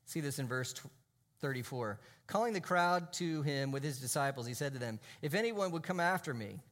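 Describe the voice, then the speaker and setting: A male pastor's sermon comes in a slightly high, expressive voice delivered briskly. He preaches with emphasis, lengthening important phrases and now and then dropping to a hushed, almost whispered tone.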